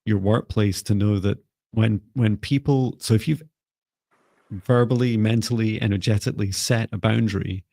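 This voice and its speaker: Gravelly, low-voiced man guiding calmly. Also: no echo. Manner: calm, slow guiding voice with frequent fillers and restarts. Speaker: psychic reader and live-stream host. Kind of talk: guided meditation and live reading.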